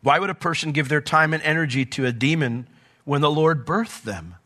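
A man's voice: on the high side, normal speed, bright, forceful tone. A man preaching a conversational sermon as pastor of a church, reading scripture and acting out short quoted voices.

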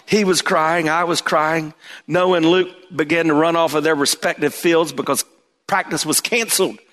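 A middle-aged man preaching a sermon as pastor, telling a personal story with animated emphasis. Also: a little high, moderate pace. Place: church sanctuary. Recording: long reverb of a church hall.

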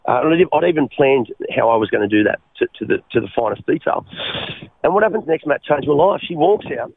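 Over a tinny, dry phone line, an Australian man with a gravelly, medium-pitched voice tells his life story as a radio guest. He talks fast and expressively, earnest but stumbling through repeated restarts, and keeps calling the host "mate." There's slight background noise.

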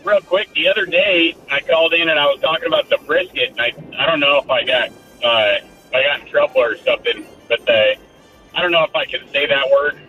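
A man's voice: on the high side, brisk, far from the mic, phone-quality sound, faint music behind. A man calling in to a radio show, laid-back and chatty. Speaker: caller. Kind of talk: casual call-in chat.

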